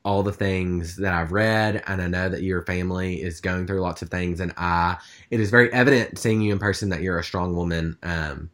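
A man's voice: deep voice, steady tone, moderate pace, fairly bright tone. A man telling a story in casual chat, rambling with lots of fillers. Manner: rambling, chatty, with many fillers.

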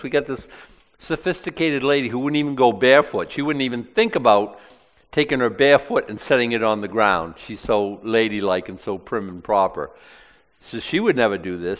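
A man's voice: fairly low pitch, in a large hall. A male preacher reading aloud from the Bible and commenting on it in plain, conversational asides during a sermon.

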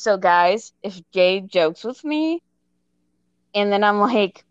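A woman in her thirties, co-hosting a casual chat, telling a story in an animated, self-mocking way and laughing as she goes. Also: mid-range voice, takes it slowly, clear, resonant tone, dry recording, dull audio. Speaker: podcast co-host.

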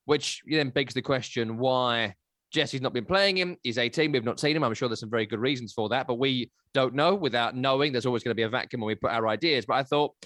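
A man, hosting a casual football analysis chat, chatty and animated. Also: mid-range voice, fast talker, no echo, studio quality. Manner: animated, chatty, breaks into silly voices. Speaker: football podcast host.

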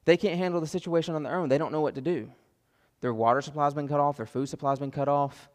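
Impassioned pastor in a reverberant hall. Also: male voice, on the high side, steady tone, fast. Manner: impassioned, repeats phrases for emphasis, acts out prayers. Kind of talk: sermon.

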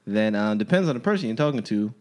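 A man on a podcast handing out laid-back advice, often dropping his voice low and soft. His pitch still moves a lot between phrases. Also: expressive, quick pace. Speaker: podcast co-host. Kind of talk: casual chat.

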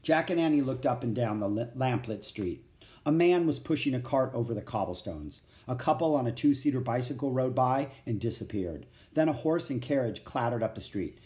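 Guy reading a kids chapter book aloud, steady storytelling, lively pitch. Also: a little fast. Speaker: narrator.

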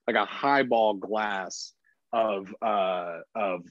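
A man who is a guest on a casual podcast, talking in a relaxed, rambling way with lots of fillers. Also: on the low side, extremely slow, dry recording, muffled recording. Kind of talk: casual chat.

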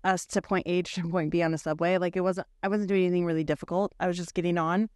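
A woman in her thirties from the United States, co-hosting a podcast and telling travel stories in a lively, chatty way. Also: lowish voice, fast talker, dry recording, clean studio sound. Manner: animated, chatty storyteller. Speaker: podcast co-host. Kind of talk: casual chat.

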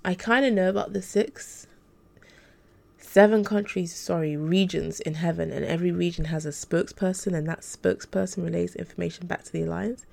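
A woman's voice: on the low side, fairly even intonation, brisk, vocal fry, a little mellow. A woman reading the part of a curious young woman newly training among angels, in a casual, direct way.

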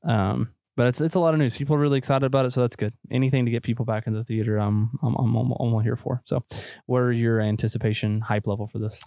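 A man chatting casually about movies as a podcast co-host, excitable and joking, with lots of fillers. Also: mid-range voice, quick pace, gravelly, hardly any pauses, dry recording, studio quality. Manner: excitable, crude jokes, many fillers.

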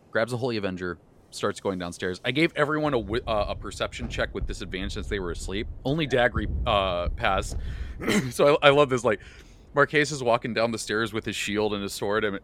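A man hosting a podcast, recounting his tabletop game session as game master in a loose, animated way, with many restarts and bursts of laughter. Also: on the low side, brisk, slight background noise. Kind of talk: casual recap of a tabletop game.

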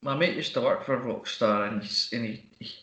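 A man's voice: medium pitch, moderate pace, fairly bright tone. Man, rambling storyteller. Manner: rambling storyteller, acts out quotes. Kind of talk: casual chat. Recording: roomy, dull lo-fi sound.

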